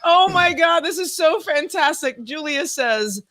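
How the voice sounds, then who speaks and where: Bright, giggly woman co-host. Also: high-pitched, measured pace. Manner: giggly, excitable. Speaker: podcast co-host. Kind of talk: casual chat, reading comments.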